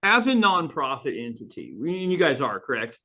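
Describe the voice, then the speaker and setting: A man hosting a podcast, asking relaxed open questions with a few fillers. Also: medium pitch, brisk. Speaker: podcast host. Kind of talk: casual interview.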